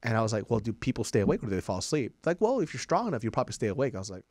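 A man co-hosting a podcast, telling stories in a lively way, acting out quotes and swearing often. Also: mid-range voice, rapid-fire, no echo, studio quality. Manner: animated storyteller acting out quotes, heavy swearing. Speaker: podcast co-host. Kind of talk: casual chat.

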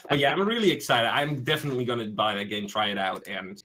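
A man co-hosting a casual gaming podcast, excitable and laughing often as he chats. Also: mid-range voice, fast talker, heavy background noise. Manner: excitable, laughs often, jokes in pirate talk. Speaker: podcast co-host.

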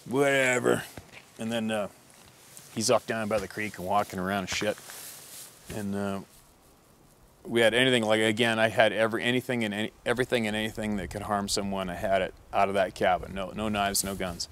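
Low-voiced guy, hunting guide telling a story, swears a lot, rambles with "and then, uh". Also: fairly even intonation, fairly quick, fairly bright tone. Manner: blunt, profane, rambling with fillers. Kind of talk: casual storytelling.

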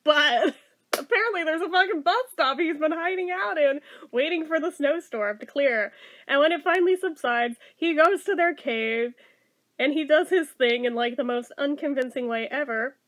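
High-voiced, blunt, excitable woman reviewer. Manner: chatty and blunt, swears freely, many fillers; excitable and animated, quick to laugh. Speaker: movie reviewer. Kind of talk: casual spoken review.

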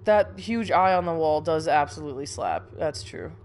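A deep, expressive female voice with a darkish tone comes from a young streamer playing a horror game at a moderate pace. Her commentary is skittish and nervous, peppered with swearing and fearful laughter, with a slight sniffle left over from a cold.

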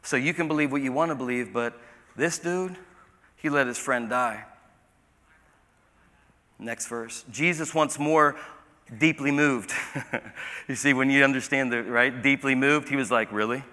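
A man preaching a sermon as pastor, shifting from quiet asides to loud, shouted preaching. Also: medium pitch, a little slow, long pauses, big-room sound. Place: church sanctuary.

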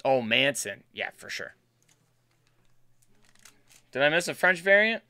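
A man's voice: on the high side, big pitch swings, slow, bright, forceful tone, clean tone, dry recording. A man hosting a live card break stream, chatting casually and bantering with viewers as he opens packs. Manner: chatty, upbeat, banters with chat.

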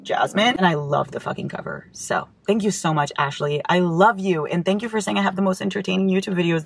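A young woman book vlogger chatting casually while opening fan mail, gushing, giggly and swearing freely. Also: lowish voice. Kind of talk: casual chat.

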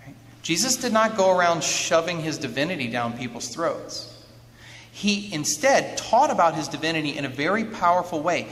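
A man lecturing an audience as an author, lively, asking rhetorical questions and acting out quotes. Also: a little high, moderate pace. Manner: acts out quoted speech. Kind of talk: lively teaching talk with a handout. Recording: long hall reverb, faint noise.

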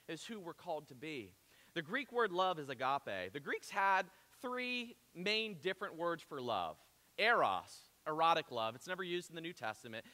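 A man's voice: on the high side, bright, forceful tone, in a large hall. A man preaching a sermon to his church, telling stories in a chatty, conversational way with asides. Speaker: pastor. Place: church auditorium.

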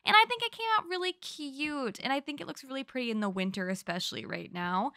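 Young woman, gaming vlogger, slightly high, crisp and dry, chatty storyteller. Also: brisk, no room sound. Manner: chatty, gushing, animated storytelling. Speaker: gaming YouTuber. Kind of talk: narrated gameplay recap.

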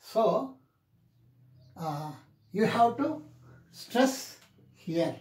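A male teacher gives a slow, careful classroom lecture and repeats each example word several times. His pitch rises and falls a lot as he drills the words. The room sounds roomy and echoey. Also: very animated, a little mellow. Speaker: English pronunciation teacher.

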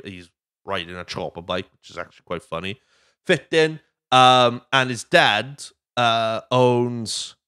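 A man's voice: mid-range voice, fairly bright tone, clear, resonant tone, no echo, studio quality. A young man hosting a podcast in casual chat, rambling and jokey and swearing freely. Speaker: podcast host.

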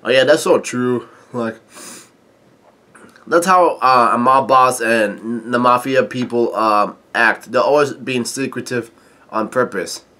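A male vlogger reviews a manga chapter in a casual recap, his medium-pitched voice bright and forceful. His delivery is halting and stop-start, full of filler sounds, and he reads quoted lines in a mostly flat voice.

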